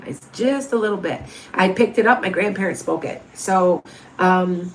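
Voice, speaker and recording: A woman's voice: mid-range voice, moderate pace, slight background noise. Rambling chatty woman in her fifties. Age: 50s. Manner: rambling, chatty, with frequent restarts and asides. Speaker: tarot reader and medium hosting a livestream. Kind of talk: casual livestream chat answering viewer questions.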